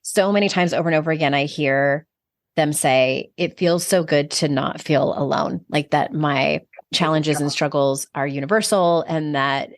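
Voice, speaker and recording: Affirming woman podcast host, lowish voice. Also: moderate pace, no room sound, clean studio sound. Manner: warm, affirming, uses "like" often. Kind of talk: casual interview chat.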